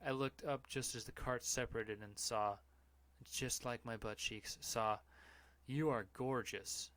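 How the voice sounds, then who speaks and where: A man's voice: medium pitch, steady tone, a little slow, sharp tone, no room sound. A man hosting a podcast, reading online posts aloud in a casual, mocking, profane way. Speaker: podcast host.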